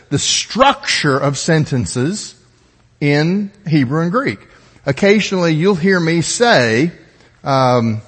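A man preaching a teaching sermon with a high, husky voice that swoops up and down as he explains. His delivery is methodical, with easygoing asides. The sound carries a long reverb from a large church hall. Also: a bit bright. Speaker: pastor.

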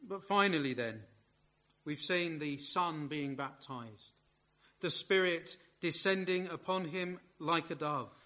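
High, slow, bright-voiced male preacher. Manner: measured, emphatic preaching with swells of force on key words. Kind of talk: sermon.

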